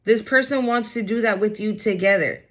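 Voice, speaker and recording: A woman's voice: mid-range voice, moderate pace, poor audio. A woman giving a casual tarot reading, talking straight to viewers in a blunt, hyped way and swearing freely. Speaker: tarot card reader.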